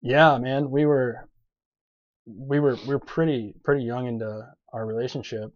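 A man, a podcast guest, telling stories in casual chat, animated, with lots of fillers and laughter in his lines. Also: mid-range voice, moderate pace, no room sound. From grew up on a farm. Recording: dull lo-fi podcast audio.

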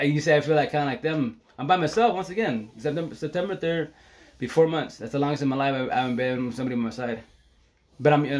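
Middle-aged man, casual live-stream chat, rambling, emotional, swears a lot. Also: mid-range voice. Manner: rambling, emotional, swears freely, laughs often.

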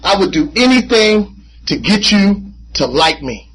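A man speaking at a recovery meeting, telling his personal story in an animated, conversational way with casual slang and frequent repeats. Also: sits high, measured pace, a little hiss or hum, low-quality recording. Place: meeting room.

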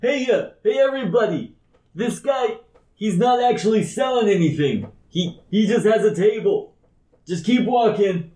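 A man voicing a crowd of nosy, excitable male townsfolk in a tabletop game, high and shouty. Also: moderate pace. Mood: urging.

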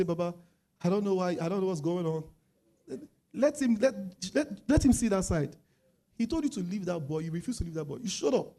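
A Nigerian man preaching a sermon in a lively way, acting out quoted voices and rising to loud, emphatic stretches. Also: high-pitched, husky.

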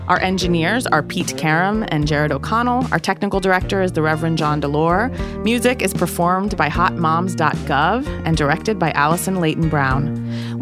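Playful woman hosting a podcast, lowish voice, music playing under her. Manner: playful, jokey. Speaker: guest host. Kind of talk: casual chat and scripted outro.

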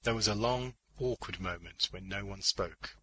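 A man narrating a short story in a measured, deliberate audiobook reading on a close mic. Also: low-pitched, sharp tone, breathy edge, no room sound, rough recording. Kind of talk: scripted audiobook narration of fiction.

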